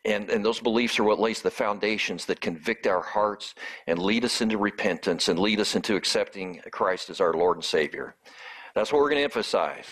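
A man preaching a sermon as pastor, talking in a conversational way with frequent fillers and restarts. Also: brisk. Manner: prayer in a lower, softer voice.

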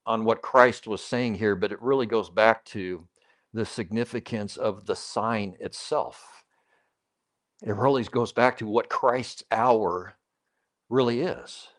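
Speaking at a medium pitch, a man delivers a sermon as pastor, talking to his congregation in an emphatic, conversational manner. He poses questions to them and drives home key phrases by repeating them.

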